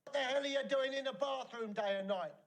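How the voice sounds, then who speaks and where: A cheeky wisecracking servant. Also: male voice, extremely high pitch. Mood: nostalgic. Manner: quick, impish comic delivery. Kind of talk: 1970s comedy film acting.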